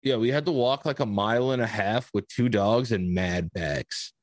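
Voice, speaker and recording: A man's voice: fairly low pitch, normal speed, no echo. A young man, cursing casually as he tells a long story on a podcast. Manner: profane, rambling storyteller. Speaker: podcast host.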